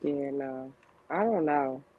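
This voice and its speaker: A woman chatting casually on a podcast, relaxed and hesitant, with many fillers. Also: extremely low pitch, slow pace, phone-quality sound. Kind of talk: casual chat.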